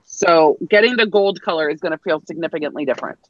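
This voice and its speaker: A woman's voice: sits low, fast talker, dull audio. A woman co-hosting a tech live stream, chatting casually and enthusiastically, teasing the others. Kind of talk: casual chat.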